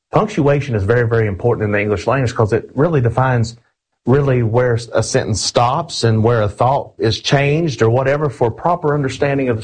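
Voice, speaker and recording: A man delivers a sermon in a husky, slightly breathy voice. He speaks earnestly and with emphasis, often calling his listeners friends. He slows down whenever he reads scripture aloud. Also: mid-range voice, darkish tone, low-quality recording. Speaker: preacher.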